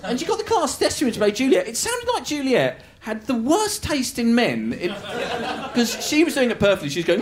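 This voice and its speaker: A man doing stand-up comedy storytelling, animated and self-mocking, laughing through his lines. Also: very high voice, moderate pace.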